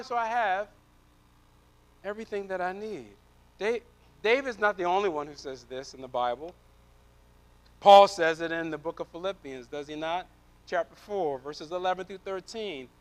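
A man preaching a sermon as pastor, shifting from loud emphatic declarations to hushed, soft passages, often repeating words as he presses a point. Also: very high voice.

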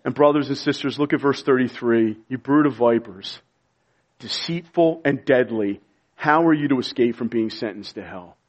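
A man preaching a sermon to a congregation, impassioned and pleading, sometimes dropping to a hushed voice. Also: mid-range voice, moderate pace, dull audio. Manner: impassioned, pleading preaching with sudden quiet drops. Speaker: pastor.

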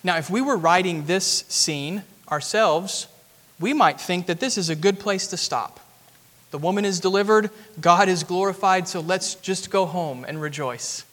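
A man with a notably high voice preaches earnestly, explaining a passage step by step and swelling with emphasis at key points. His words ring out with a long reverb, as if filling a large sanctuary. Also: a little slow, a bit bright. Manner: earnest expository preaching, rising emphatic at climaxes. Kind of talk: sermon.

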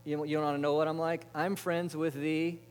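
A preacher voicing God, soft and caring. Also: male voice, a little high, flat delivery, moderate pace, smooth, close to an everyday voice. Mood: tender. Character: God, a gentle caring male deity. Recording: long reverb of a large hall.

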